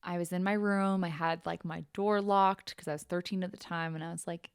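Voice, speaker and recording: A woman's voice: on the low side, fairly even intonation, brisk, clear, resonant tone, dry recording, studio quality. A young adult woman hosting a podcast, telling a personal story frankly and bluntly, swearing casually and saying "like" often. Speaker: podcast host.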